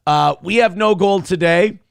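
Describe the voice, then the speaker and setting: A man's voice: high voice, a little slow, gravelly, clean tone, no echo, studio quality. A man hosting a casual morning talk show, rambling and self-deprecating as he reads viewer messages aloud. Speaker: show host.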